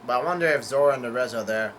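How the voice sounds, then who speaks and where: A man's voice: medium pitch, rapid-fire, a bit bright, slight background noise, close to an everyday voice. A man reading the lines of a cheerful young male pirate captain in his own plain voice. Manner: plain read-aloud.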